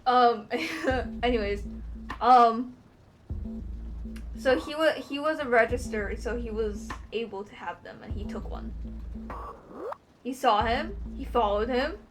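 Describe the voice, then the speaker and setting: A woman chatting through a game, easily spooked and reading on-screen text aloud in halting bursts. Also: on the high side. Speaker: gamer playing a courtroom game. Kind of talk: gameplay commentary. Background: game music.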